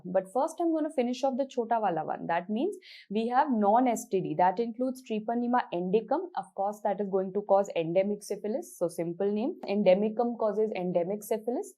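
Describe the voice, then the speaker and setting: A woman's voice: medium pitch, warm tone. A young woman with an Indian English accent gives a chatty, exam-focused medical lecture. She repeats her points and mixes Hindi words into the English.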